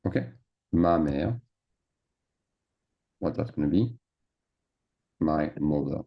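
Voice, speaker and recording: Slow, deep-voiced male teacher. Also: expressive, creaky, highs cut off. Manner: mixes French into English, checks in with "d'accord?". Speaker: French teacher. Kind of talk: screen-share grammar lesson.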